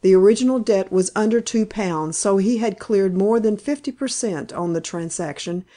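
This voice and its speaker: A woman reading a novel aloud in steady, even scripted narration. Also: medium pitch. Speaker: audiobook narrator.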